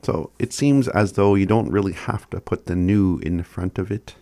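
A man teaching phrases in a casual recorded lesson, chuckling often and sounding words out slowly. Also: low-pitched, mellow, dry recording. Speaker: language teacher.

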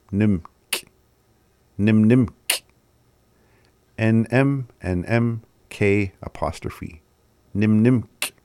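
A man with a very low voice gives a relaxed language lesson, breaking words into syllables and repeating them unhurriedly. He chuckles at himself often, and the recording is close and dry. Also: clear, resonant tone, no room sound. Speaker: language teacher.

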